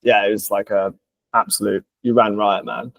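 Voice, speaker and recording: A man's voice: lowish voice, level tone, normal speed, vocal fry, a bit bright, dry recording. A man hosting a casual interview, laid-back and peppering his speech with "like" and "mate". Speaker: podcast host, business coach.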